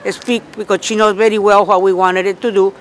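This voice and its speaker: A man's voice: sits high, little pitch movement, brisk. A man, a union member protester, telling an angry story outdoors in a street interview, repeating himself and quoting his own retorts. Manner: indignant, repeats himself, quotes himself loudly.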